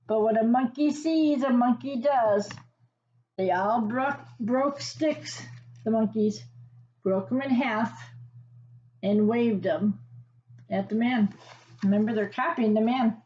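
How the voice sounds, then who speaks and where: Woman reading a picture book to kids, slow and gently teacherly, slightly high voice; slightly muffled recording. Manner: gentle teacherly asides and questions to the listener. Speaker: children's story reader.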